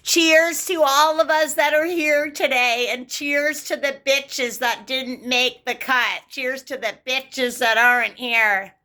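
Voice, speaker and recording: A woman voicing a snide gossiping party woman in a drawn-out, mocking sing-song. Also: sits high, steady tone, bright, forceful tone, pitched above the performer's own voice, heavily acted. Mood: mocking toast. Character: snide gossiping middle-aged party women.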